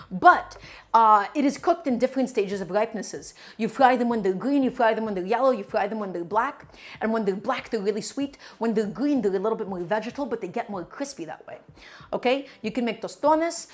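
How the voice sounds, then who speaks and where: A woman streaming a cooking lesson from her home kitchen, talking to her viewers in an emphatic, repetitive way. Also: on the high side. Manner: emphatic, repeats key points while chatting to viewers.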